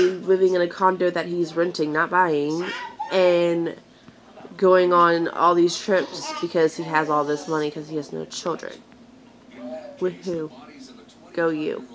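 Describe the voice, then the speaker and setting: A woman's voice: lowish voice, low-quality recording. A woman in her twenties rambling to camera as a vlogger, venting with many hesitations and sounding close to tears. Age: 20s. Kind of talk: casual chat to camera.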